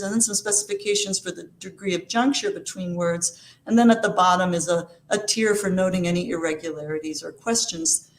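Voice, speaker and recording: A woman's voice: medium pitch, roomy sound. A woman giving an academic lecture, explaining steadily with frequent fillers and restarts. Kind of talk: academic talk.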